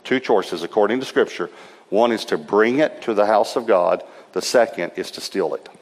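A man's voice: on the low side, moderate pace. A middle-aged man, a pastor, preaching and telling funny stories with quoted dialogue. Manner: humorous, animated storytelling with quoted voices. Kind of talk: sermon storytelling. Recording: long hall reverb.

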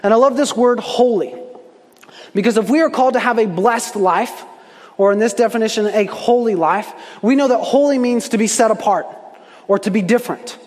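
A man's voice: high voice, moderate pace, darkish tone. A young adult man preaching a sermon, telling a story and acting out the quoted voices with animation. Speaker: pastor. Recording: long hall reverb.

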